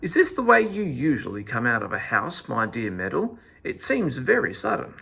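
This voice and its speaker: A man's voice: medium pitch, wildly swooping pitch, normal speed, vocal fry, bright, forceful tone, slightly rough, full character voice. A man voicing Dame Gladsome, a kindly older woman, in a storybook reading. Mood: surprised. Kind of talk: storybook read-aloud.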